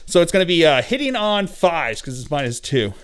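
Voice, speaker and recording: A man's voice: big pitch swings, brisk, fairly bright tone, slight background noise. A man hosting a tabletop battle report, narrating moves and dice rolls in a playful way and often laughing. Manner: playful, laughs often, puts on silly high voices for miniatures. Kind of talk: casual narrated play-by-play.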